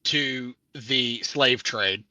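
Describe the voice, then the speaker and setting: A man's voice: medium pitch, very slow, bright, forceful tone, dry recording. A man co-hosting a podcast, ranting crudely in mock anger during casual chat. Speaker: podcast co-host. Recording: voice a bit off-mic with faint noise.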